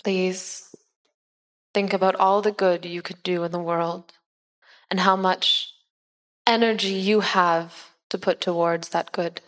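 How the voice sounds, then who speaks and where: An earnest preacher, played by a woman, delivers a soothing sermon in a tabletop role-play podcast. Her voice sits a little low. She talks slowly and gently. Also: fairly even intonation. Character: female preacher giving a sermon.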